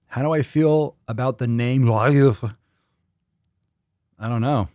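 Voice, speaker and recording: A man's voice: medium pitch, takes it slowly, a little mellow, no room sound, studio quality. A man hosting a fitness live stream in casual chat, rambling and joking, with a lot of swearing. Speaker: fitness livestream host.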